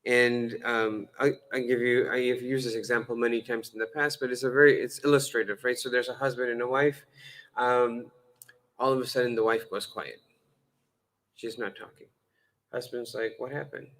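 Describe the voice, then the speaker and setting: A man's voice: mid-range voice, steady tone, moderate pace, a bit bright, low-quality recording. A man giving a lecture-style sermon in a conversational, humorous way, often restarting words and acting out dialogue. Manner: conversational and humorous, frequent fillers and self-corrections; acts out dialogue with changing voices. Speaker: Islamic lecturer.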